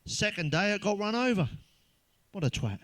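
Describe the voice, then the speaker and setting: Middle-aged male comic, blunt and foul-mouthed, slightly higher voice, laughs at own gags. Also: big pitch swings, normal speed, fairly bright tone. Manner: blunt, sweary, chuckles at own jokes. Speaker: stand-up comedian. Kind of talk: crude joke-telling monologue.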